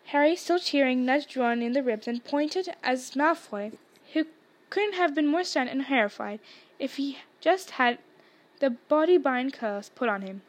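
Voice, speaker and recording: A woman's voice: sits high, expressive, a little slow. A woman reading a children's fantasy story aloud as narrator, with small shifts in her voice for the dialogue.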